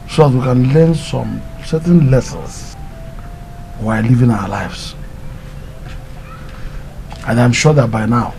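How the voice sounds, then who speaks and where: A fatherly uncle with a Nigerian accent, consoling the family in a mellow voice. A faint hiss sits underneath. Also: mid-range voice, rough recording. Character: caring middle-aged uncle, steady.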